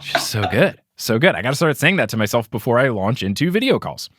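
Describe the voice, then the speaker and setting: A man hosting a podcast, recapping a story in a casual, animated way and reading quotes with playful emphasis. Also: medium pitch, fast talker, dry recording, clean studio sound. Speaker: podcast host.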